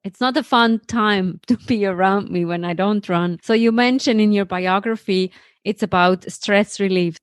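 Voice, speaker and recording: A woman's voice: medium pitch, moderate pace, clear, resonant tone, dry recording. A woman hosting a podcast, talking in an upbeat, motivational way and interviewing a guest. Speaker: podcast host. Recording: loud guitar music behind.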